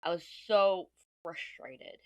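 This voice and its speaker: A woman's voice: on the low side, slow, a little mellow, no room sound, dull audio. A woman in her thirties from Texas with a mixed Texan and New York accent, chatting casually while crafting. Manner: chatty, rambling, swears casually. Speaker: crafting vlogger. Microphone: mic at desk.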